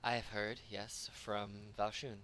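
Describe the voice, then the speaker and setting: A man voicing a calm, cool cat-like female boss who speaks quietly and without hurry. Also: lowish voice, clean tone, no echo. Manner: quiet and unhurried.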